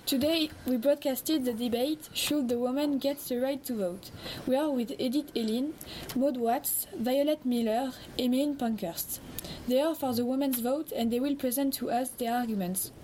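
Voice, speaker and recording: A woman's voice: sits high, moderate pace, mellow, a little hiss or hum, natural voice, poor audio. A young woman playing a polite female radio presenter who moderates a debate in a school role-play, reading formally from a script. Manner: formal, reading from a script, non-native phrasing.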